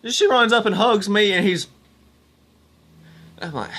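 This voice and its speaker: A young male vlogger tells rambling, casual stories to the camera, restarting often and calling his viewers "y'all." His voice sits high, bright and forceful, at a measured pace.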